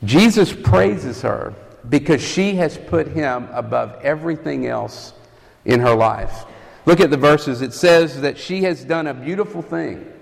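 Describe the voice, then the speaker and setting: Here a campus ministry preacher teaches earnestly in a sermon, asking his listeners rhetorical questions. His voice is a little high and creaky, and he speaks a little slowly, with a hall's long reverb trailing behind.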